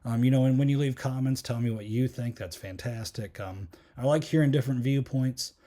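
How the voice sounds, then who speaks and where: A man's voice: medium pitch, fairly quick, warm tone. A man hosting a podcast, giving a casual solo film review in a rambling way, full of fillers and restarts. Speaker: podcast host.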